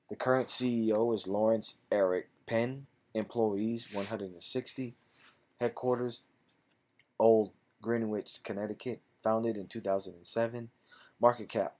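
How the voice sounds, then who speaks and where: Male investing host, lower voice, casual stock-analysis read with clipped figures and relaxed asides. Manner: reads figures aloud in clipped phrases, then chats loosely.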